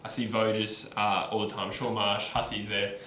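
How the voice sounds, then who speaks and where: A man's voice: fairly low pitch, little pitch movement, normal speed, sharp tone. A young man co-hosting a podcast, telling stories animatedly and laughing often. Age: young adult. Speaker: podcast co-host. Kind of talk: casual chat. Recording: echoey room, faint noise.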